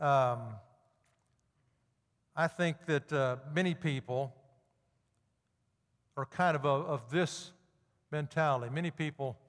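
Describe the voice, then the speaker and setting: A man's voice: fairly high pitch, long reverb tail. A man preaching a sermon as pastor, emphatic and rising sharply on key points.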